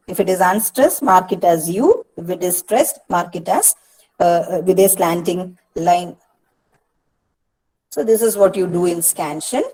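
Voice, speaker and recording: A woman with an Indian English accent giving a patient lecture to students, often pausing with "uh" and "see" and repeating key points. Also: on the low side, darkish tone, low-quality recording. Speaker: English literature teacher. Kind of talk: online lecture on poetic meter.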